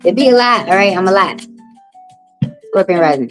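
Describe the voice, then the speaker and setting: A woman's voice: lively intonation, moderate pace, faint music behind, poor audio. Chatty, profane woman reading cards. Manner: loose, profane, chatty, talks straight to viewers; jumps up high in pitch when reacting. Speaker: livestream card reader. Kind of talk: casual livestream tarot reading.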